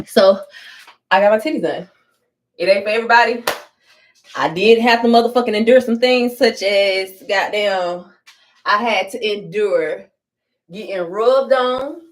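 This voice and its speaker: A woman's voice: medium pitch, a little slow, long pauses. A young woman telling stories to viewers in a casual get-ready-with-me vlog, blunt and full of profanity. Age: young adult. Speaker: vlogger.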